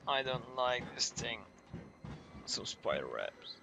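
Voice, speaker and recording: A jumpy young man talks over a horror game in a slow, mid-pitched voice. He frets and swears under his breath, then cracks jokes. Game noise runs clearly underneath. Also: sing-song. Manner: nervous, jokey, swearing. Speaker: gamer. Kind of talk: horror game let's play commentary.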